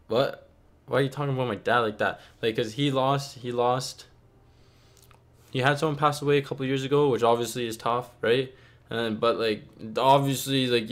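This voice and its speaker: Rambling young guy telling a story. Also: mid-range voice. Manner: rambling, heavy on "like" and "okay?". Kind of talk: casual story time.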